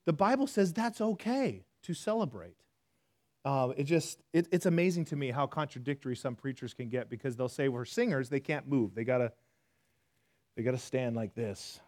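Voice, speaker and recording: A man preaching a sermon in a church, talking to the congregation conversationally, self-deprecating, swinging from hushed to loud. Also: high-pitched. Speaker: pastor.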